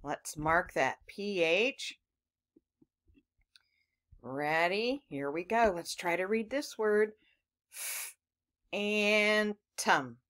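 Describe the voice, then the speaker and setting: A woman's voice: lowish voice, expressive, slow, pauses often. A woman teaching children phonics, patiently sounding out words letter by letter and talking to the class as boys and girls.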